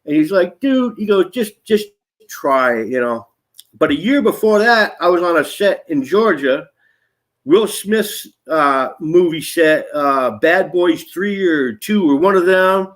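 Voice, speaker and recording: A man in his fifties, an actor guest, telling stories in a casual interview, acting out quotes with lively swings and swearing freely. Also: a little high, unhurried. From Nashville area. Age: 50s. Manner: animated storyteller, acts out quotes, swears freely.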